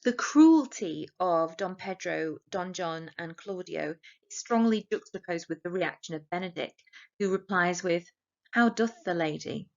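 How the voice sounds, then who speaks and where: A woman's voice: lowish voice, lively intonation, unhurried, vocal fry, a little mellow. A woman teacher with an English accent, annotating a play for exam revision and reading quoted lines aloud plainly. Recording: slightly dull lo-fi audio.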